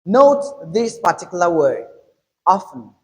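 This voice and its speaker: A man teaching English pronunciation in a lesson, drilling example words aloud one by one with deliberate emphasis. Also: a little high, poor audio.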